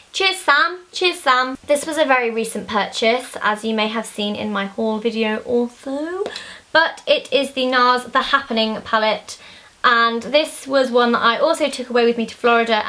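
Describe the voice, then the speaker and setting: A woman's voice: fairly high pitch, a bit bright. A young woman, chatting casually and rambling a little as she talks through her favourite things. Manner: chatty, bubbly, rambling with many fillers. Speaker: beauty vlogger. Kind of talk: casual chat.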